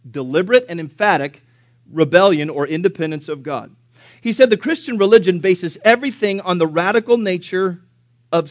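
A man preaching a sermon, emphatic and questioning his listeners, rising loud and dropping to a hush. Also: sits high, no room sound. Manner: emphatic, questions the congregation, swings from loud to hushed.

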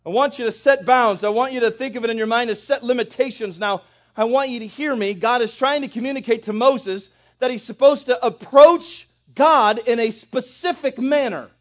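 A man with a very high voice preaches a sermon. He talks right to his listeners and builds from quiet stretches to forceful ones. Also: normal speed. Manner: addresses congregation directly, builds in intensity. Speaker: pastor.

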